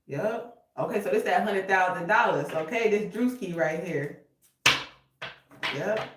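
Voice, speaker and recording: A woman's voice: mid-range voice, a little slow, far from the mic, a little hiss or hum. A woman reading tarot, casual and emotional, cursing freely and sometimes breaking into song. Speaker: tarot reader. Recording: roomy echo, voice a bit off-mic.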